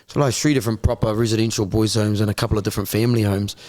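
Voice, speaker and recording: A man's voice: lowish voice, steady tone, racing, hardly any pauses, a little mellow. A man, a guest candidly telling his life story in an interview, blunt, swearing freely and repeating words as he searches for them.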